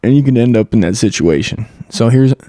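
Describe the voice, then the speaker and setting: Male comic host, rambling, crude, mellow tone, dry close recording. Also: medium pitch, expressive, brisk, no room sound. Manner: rambling, crude, riffing with mock quotes. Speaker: comedy podcast host. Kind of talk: profane comedic monologue.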